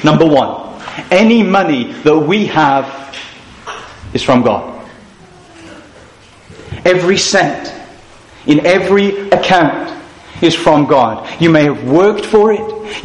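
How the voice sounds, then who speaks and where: A man's voice: fairly high pitch, lively intonation, slow pace, pauses often. A man preaching a sermon at a family camp, earnest and storytelling, using rhetorical questions. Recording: echoey room, faint noise.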